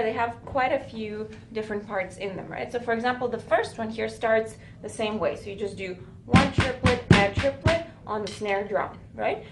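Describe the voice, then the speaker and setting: A woman teaching a recorded drum lesson, explaining fills and checking in with "right?" as she goes. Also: fairly high pitch. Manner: counts beats aloud, says "right?" often. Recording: roomy with drums playing.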